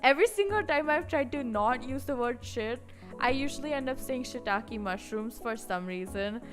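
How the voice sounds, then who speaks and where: A woman's voice: on the high side, expressive, moderate pace, music in the background. A woman streaming casually, rambling and chatty with lots of filler words. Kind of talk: casual live-stream chat.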